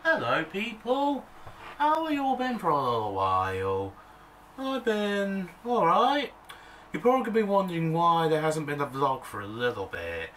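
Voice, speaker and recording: A man's voice: on the high side, moderate pace. A man vlogging in a casual, rambling way, talking straight to the camera and getting worked up as he walks outdoors near trees. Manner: rambling, excitable, talks to the camera. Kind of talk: casual vlog chat. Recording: loud outdoor noise behind.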